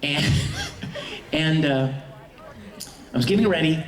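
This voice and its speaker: A man's voice: on the high side, takes it slowly, far from the mic. A middle-aged man, a voice actor on a convention panel, telling stories with enthusiasm and laughing often. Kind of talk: animated anecdote telling. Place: large convention hall before an audience. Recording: echoey hall recorded from afar.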